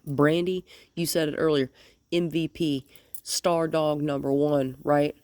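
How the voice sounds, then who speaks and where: A woman's voice: low-pitched, steady tone, a little slow, a little mellow, no room sound. Woman dog trainer, cheerful coaxing. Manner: explains plainly, switches to cheerful coaxing with the dogs. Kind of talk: hands-on training instruction.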